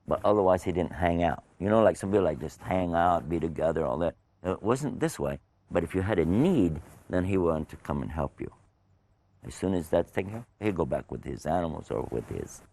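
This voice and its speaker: Deep, gravelly older storyteller man. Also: warm tone. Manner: folksy and conversational, asks the listeners questions. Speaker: religious storyteller. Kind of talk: storytelling for children.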